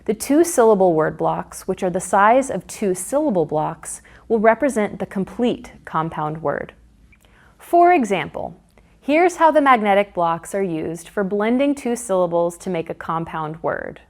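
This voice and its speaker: A woman's voice: medium pitch, lively intonation. A woman narrating a scripted phonics lesson, stressing each example word as she walks through the steps. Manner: slow, deliberate, sing-song stress on example words. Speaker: literacy instructor.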